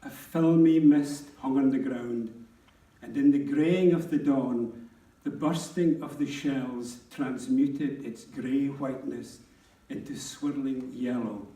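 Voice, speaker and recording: A man reading a wartime memoir aloud at a book launch in a slow, measured and grave way. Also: mid-range voice, mellow. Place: town hall. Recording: roomy hall, distant mic.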